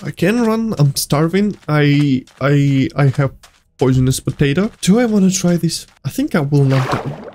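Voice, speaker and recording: Excitable high-voiced man playing a horror game. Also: moderate pace. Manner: excitable, yelps and laughs, non-native phrasing. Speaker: gaming YouTuber. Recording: faint music behind.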